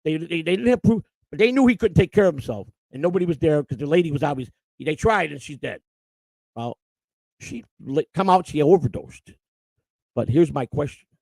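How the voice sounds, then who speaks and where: Gravelly, blunt-talking male stream host. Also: on the high side, brisk, no echo, rough recording. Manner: blunt, profane, animated. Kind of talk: casual storytelling on a live stream.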